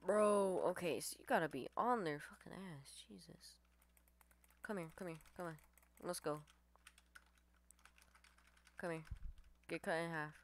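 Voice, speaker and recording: A woman giving live gameplay commentary, excitable, swearing and trash-talking her opponents. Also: fairly low pitch, measured pace, long pauses. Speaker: gamer streamer.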